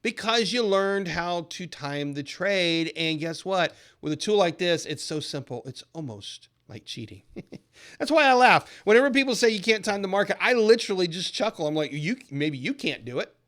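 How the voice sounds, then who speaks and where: A man's voice: high voice, lively intonation, normal speed, few pauses, a bit bright. Upbeat, salesy man teaching trading. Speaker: trading educator and channel host. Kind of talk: recorded trading lesson with sales pitch. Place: lives in a southern US city.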